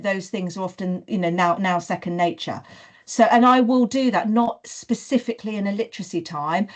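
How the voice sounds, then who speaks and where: A woman talks through classroom practice in a teacher-training webinar. She speaks earnestly at a middle pitch, scatters "you know" through her sentences, and slips into model sentences as if speaking to young children.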